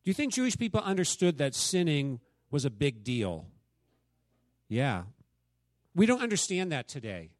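A man's voice: on the high side, big pitch swings, moderate pace, pauses often, no echo. A man leading a Bible study in a casual, conversational way, quizzing his listeners and acting out the quotes he reads. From United States. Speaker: church teacher.

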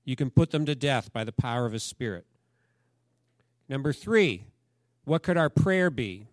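A man's voice: medium pitch, expressive, moderate pace, no room sound, studio quality. A man preaching a sermon, talking in a conversational storytelling way and asking the congregation questions. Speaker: pastor.

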